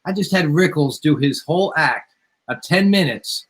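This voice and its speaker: A man hosting a podcast, chatting casually and telling a story with many halting restarts. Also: fairly high pitch, lively intonation, fairly bright tone, breathy edge, rough recording. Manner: halting, repeats words as he starts sentences. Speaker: podcast host, former waiter. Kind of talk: casual interview chat.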